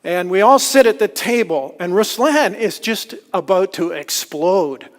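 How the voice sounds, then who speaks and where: Guy telling travel stories, a bit high-pitched, lots of hall reverb. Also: measured pace. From Canada. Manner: lively, self-deprecating storyteller. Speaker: conference speaker. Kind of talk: storytelling talk. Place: lecture hall.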